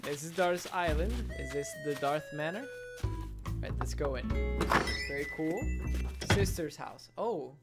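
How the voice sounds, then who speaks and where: A man casually commenting as a gaming streamer in an excitable, chatty way, reading and answering chat. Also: on the high side, unhurried, creaky, pauses often. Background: loud music.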